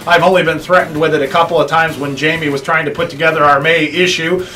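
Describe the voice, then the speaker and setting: A man presenting hardware products for a trade magazine, with playful, deadpan, self-mocking humor. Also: high-pitched, far from the mic, poor audio. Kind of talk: jokey product demo.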